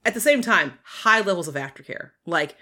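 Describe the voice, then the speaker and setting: A woman in casual chat, talking with lively swings and frequent laughter. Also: lowish voice, normal speed. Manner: animated, laughs often, playful voices.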